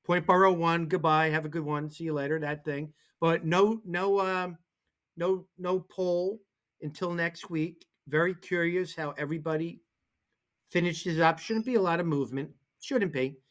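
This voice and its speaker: With a fairly high pitch and a normal speaking speed, a sports talk show co-host tells lively stories in a casual setting. He acts out whoever he quotes.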